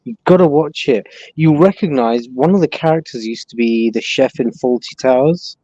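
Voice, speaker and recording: A man's voice: mid-range voice, moderate pace, mellow, dry recording. A man chatting eagerly on a livestream call with friends. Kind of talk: casual group chat. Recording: dry lo-fi call audio.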